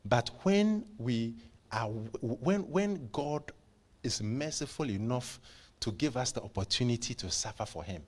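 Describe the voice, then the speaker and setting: Impassioned husky male preacher. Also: mid-range voice, expressive, a little slow. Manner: impassioned, stammering repeats, swings from hushed whispers to loud bursts. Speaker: pastor. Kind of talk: sermon. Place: church service.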